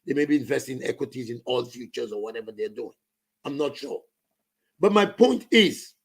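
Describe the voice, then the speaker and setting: A Saint Lucian political commentator rants with passion in a gravelly, husky, medium-pitched voice. His intonation is lively and his pace fairly quick, and he slips into Creole and French.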